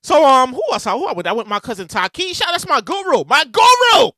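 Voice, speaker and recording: A man hosting his podcast, telling stories in a loud, animated casual monologue. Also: extremely high pitch, fast talker, dry recording, clean studio sound. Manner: animated, loud storytelling with bursts of shouting. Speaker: podcast host. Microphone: podcast mic with a soundboard.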